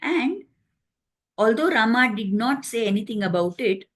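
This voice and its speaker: Gentle woman retelling a sacred epic. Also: a little high, lively intonation, normal speed. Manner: gentle, explanatory, acts out quoted dialogue. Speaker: storyteller. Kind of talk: devotional storytelling.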